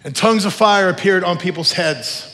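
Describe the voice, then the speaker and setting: Man, pastor, earnest emotional sermon, slightly high voice, long hall reverb. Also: moderate pace, pushed and bright. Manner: earnest, emotional preaching with spoken prayers.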